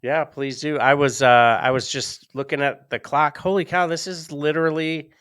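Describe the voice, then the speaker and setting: Bright, crisp-voiced podcast co-host man. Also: a little high, normal speed, no echo. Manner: storytelling, animated and laughing. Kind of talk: casual chat.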